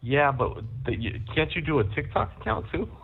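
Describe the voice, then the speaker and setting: A man's voice: a little high, sing-song, fairly quick, creaky, slightly rough. A man talking casually on a call from jail, terse and a little snappy. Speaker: jail inmate caller. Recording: tinny jail phone line.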